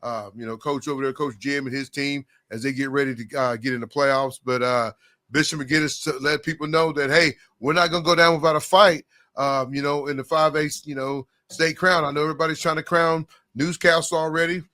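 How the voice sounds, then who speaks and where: A man hosting a casual high school basketball talk show, rambling and animated, often addressing his co-host. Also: brisk. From Oklahoma, US. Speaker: podcast host.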